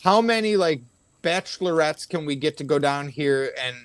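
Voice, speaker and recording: A man's voice: a little high, moderate pace, smooth, no room sound. A man in casual chat, telling rowdy stories with lots of swearing and acted-out quotes. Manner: animated, profane storyteller acting out quotes.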